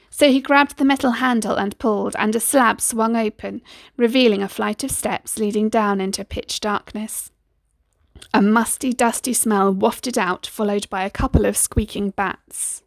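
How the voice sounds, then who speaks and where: A woman storyteller reading aloud in a steady, expressive way. Her voice has a gravelly fry at mid pitch, recorded close and dry. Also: no room sound. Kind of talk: storybook narration.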